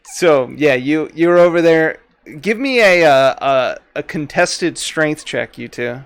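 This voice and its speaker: A man running a tabletop game as game master, relaxed and quick to laugh. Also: fairly high pitch, clean tone.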